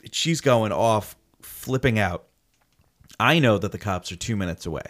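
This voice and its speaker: A man's voice: fairly low pitch, moderate pace. A man telling a story in casual chat, acting out the quotes and swearing freely. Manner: animated storytelling with acted-out quotes.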